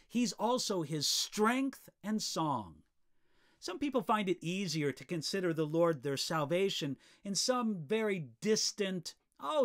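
A man preaching a short devotional in a fairly high voice that swings up and down through each phrase. He is earnest and emphatic. He draws out the words that matter most. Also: fairly bright tone. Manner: earnest, emphatic, slows down to stress key phrases. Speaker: pastor. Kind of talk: devotional teaching.

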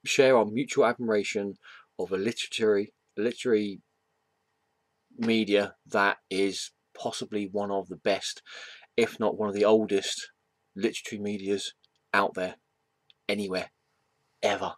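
A man's voice: fairly low pitch, level tone, unhurried, long pauses, no echo. A man chatting casually at home about comics, rambling with many fillers, restarts and self-deprecating asides. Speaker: comic book vlogger. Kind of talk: casual vlog chat. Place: home room.

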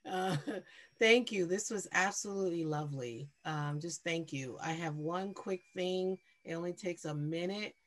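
A woman facilitating an online poetry workshop over a video call, affirming and conversational, quick to praise each reader. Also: lowish voice.

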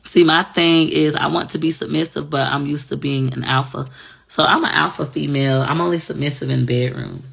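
A woman's voice: deep voice, fairly even intonation, fairly quick, creaky, a bit bright, breathy edge. A woman in casual confessional chat, talking bluntly and frankly with plenty of profanity. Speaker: online personality.

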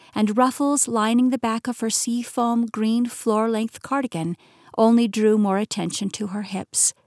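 A woman reads a first-person novel aloud, bringing lively energy to the heroine's thoughts. Her voice is of middle pitch and recorded close in a dry booth with no room sound. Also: no room sound. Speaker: audiobook narrator. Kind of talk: scripted narration. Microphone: close studio mic.

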